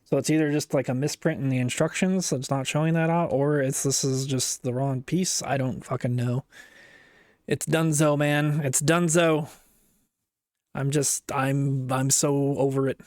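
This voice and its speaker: A man's voice: medium pitch, fairly even intonation, normal speed, darkish tone, no room sound, studio quality. A man live-streaming as he builds a model set, talking casually and muttering to himself, often swearing and breaking off mid-sentence. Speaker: livestreamer.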